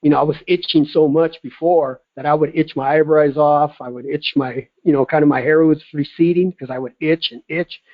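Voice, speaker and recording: A man in his fifties calls in and tells his story with eager, animated energy. His voice sits a little high. The sound is dull and lo-fi. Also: fairly quick, few pauses. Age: 50s. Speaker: caller giving a testimonial. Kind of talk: casual phone-in testimonial.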